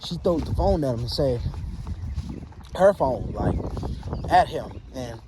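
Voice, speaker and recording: Over a noisy background, a man with a medium-pitched voice casually tells a spooky storytime tale, conversational and relaxed, with drawn-out fillers between beats.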